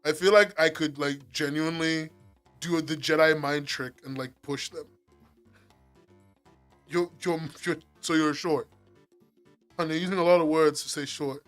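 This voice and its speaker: A man with an English accent chatting with his live-stream viewers, excitable and quick to swear and laugh. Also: a little high, faint music behind. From England. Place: at home.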